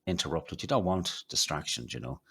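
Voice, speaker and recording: A man's voice: rumbling low, lively intonation, brisk, creaky, pushed and bright, husky. An Irish man co-hosting a comedy podcast, rambling and swearing as he tells a story. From Ireland. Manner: rambling, sweary, laughs often. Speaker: podcast co-host. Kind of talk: casual commentary.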